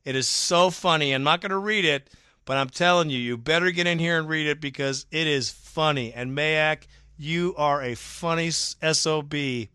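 Bright, crisp-voiced male podcast host. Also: normal speed, dry recording, clean studio sound. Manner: chatty and sarcastic, swings between animated and low asides. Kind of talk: casual podcast commentary, reading fan comments.

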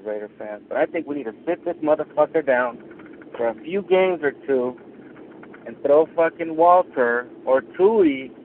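A male caller ranting angrily with heavy swearing about his team's offense. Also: a little high. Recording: tinny phone line with faint noise.

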